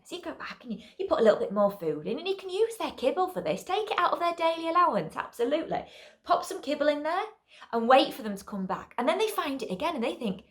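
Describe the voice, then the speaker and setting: A woman's voice: sits high, sing-song, fast talker. A woman dog trainer teaching an online puppy class, chatty and explaining with frequent check-ins.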